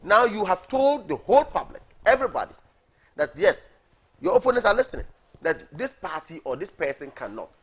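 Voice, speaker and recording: A Ghanaian party coordinator argues emphatically as a guest in a morning TV studio during a heated political debate, repeating words for stress and asking "are you getting me." His voice is high, very animated, brisk, and slightly rough.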